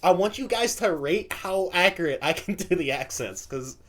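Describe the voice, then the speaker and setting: Laughing man reacting to clips, lively pitch. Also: normal speed. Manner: laughing often, repeating phrases to try out accents. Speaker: reaction video host. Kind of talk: casual reaction commentary. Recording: heavy background noise.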